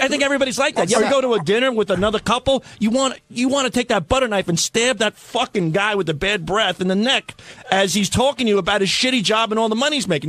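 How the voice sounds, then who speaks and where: A man's voice: high-pitched, animated, fast talker, fairly bright tone, no room sound. A man, a radio show regular, telling a long, blunt, profane story in casual studio banter. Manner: rambling, blunt and profane, self-deprecating. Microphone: studio microphone.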